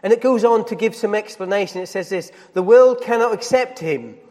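A man's voice: high voice, brisk, a little mellow, big-room sound. A man preaching a sermon as pastor, putting questions to the congregation and building emphasis as he goes. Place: church hall.

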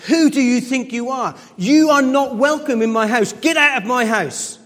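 A man playing a grumpy, angry male neighbour who barks loudly at a boy, in a church hall with long reverb. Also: extremely high pitch, moderate pace, voice pushed up. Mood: furious. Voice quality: loud and barking.

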